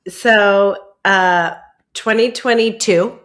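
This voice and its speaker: A young woman telling a long personal story in casual podcast chat, rambling and animated, with many "like"s. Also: medium pitch, slow pace. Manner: rambling, animated, heavy use of "like". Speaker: podcast guest.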